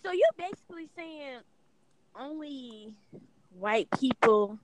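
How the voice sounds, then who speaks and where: A woman in casual group chat as a podcast co-host, talking in an animated, emphatic way with many fillers. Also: sits high, slow, a little hiss or hum, poor audio.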